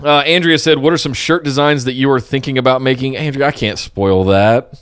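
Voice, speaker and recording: A man's voice: mid-range voice, a little fast, fairly bright tone, smooth, dry recording, clean studio sound. A man hosting a podcast live chat, reading listener questions and joking at his own expense. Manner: reads listener questions, laughs easily, self-deprecating. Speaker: podcast host.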